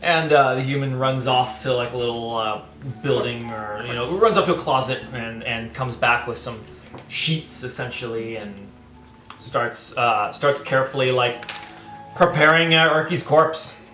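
A woman's voice: very deep voice, measured pace, a bit bright. A woman narrating as game master in a chatty, self-mocking way. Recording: echoey room with music.

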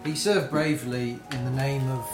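An easygoing man at a tabletop game, curious and relaxed. His voice echoes in the room, with clear music underneath. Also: mid-range voice, normal speed. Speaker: player. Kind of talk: casual game chat.

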